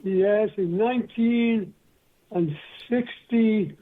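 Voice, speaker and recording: A man's voice: sits high, slow pace. An older man from England, a guest telling rambling stories in an interview, recorded over a phone line. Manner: rambling anecdotal storyteller. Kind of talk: storytelling interview.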